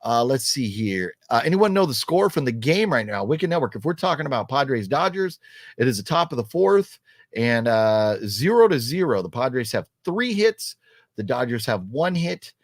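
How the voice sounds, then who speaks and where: A man's voice: normal speed, dry recording, clean studio sound. A man hosting a casual live stream, chatting loosely and reading viewer comments, rambling with frequent restarts. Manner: rambling, restarts often, animated swings in pitch. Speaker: host of a livestream movie talk show.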